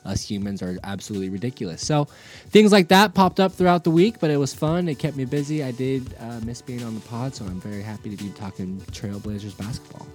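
A man's voice: mid-range voice, lively intonation, quick pace, soft background music. A man co-hosting a casual sports podcast, joking and bantering playfully. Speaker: podcast co-host.

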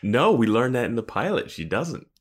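A man's voice: mid-range voice, very animated, moderate pace. A man co-hosting a podcast, chatting about a TV episode in an amused, incredulous way. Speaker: podcast co-host. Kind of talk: casual chat, discussing a TV episode.

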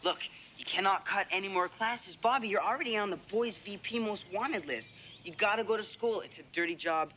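A cocky wisecracking teen. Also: male voice, high-pitched, fairly quick, pushed and bright, lo-fi sound. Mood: coaxing. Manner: jokey, teasing, then soothing. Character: wisecracking teenage boy, cocky and mocking. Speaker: high school student. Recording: film audio with faint background noise.

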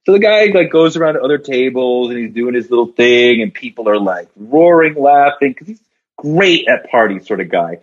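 A man, a podcast guest and writer, telling long story jokes in casual talk and voicing the characters with big jumps in pitch. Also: expressive, normal speed, lo-fi sound.

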